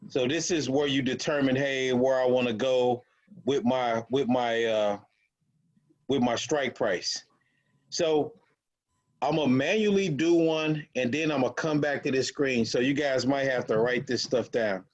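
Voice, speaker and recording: A man's voice: medium pitch, fairly even intonation, lo-fi sound. A man leading an online options trading group, explaining things casually while sharing his screen and often restarting his sentences. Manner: halting, many restarts and fillers. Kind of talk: casual teaching over a screen share.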